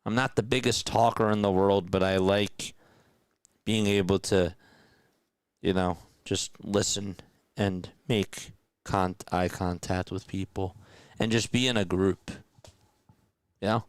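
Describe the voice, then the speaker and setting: A young man streaming casual radio-style play-by-play, chatting with viewers in a relaxed way between calls. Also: sits low, slow, pauses often, smooth, no echo.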